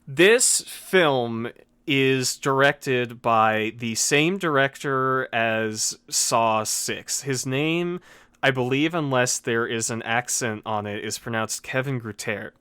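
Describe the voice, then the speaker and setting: A man's voice: mid-range voice, slow, bright, forceful tone, smooth, dry recording. A man hosting a casual podcast chat, riffing with enthusiastic, profane humor. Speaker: podcast host.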